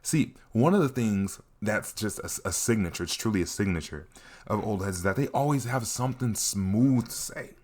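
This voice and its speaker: A young man telling a comedic storytime, animated and quick to repeat his catchphrases. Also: fairly low pitch. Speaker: vlogger.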